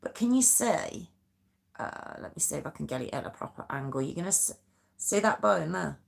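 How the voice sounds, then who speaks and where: A woman's voice: low-pitched, expressive, moderate pace, vocal fry. A woman hosting a live stream, chatting casually with viewers in a giggly, self-mocking, rambling way. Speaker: true crime live-stream host.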